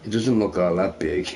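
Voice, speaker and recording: A man with a lowish, slightly mellow voice and some vocal fry chats casually while gaming. He rambles and laughs, and he leans heavily on filler like "you know" and "right."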